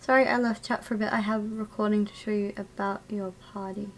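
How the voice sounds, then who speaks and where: A woman's voice: mid-range voice, steady tone, fast talker. A woman casually chatting and laughing while live-streaming a video game and talking to her chat.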